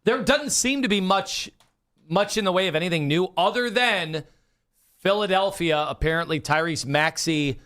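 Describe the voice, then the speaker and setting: A man co-hosting sports talk radio, teasing his partner with quick interjections. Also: high-pitched, fairly bright tone. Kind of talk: casual radio banter.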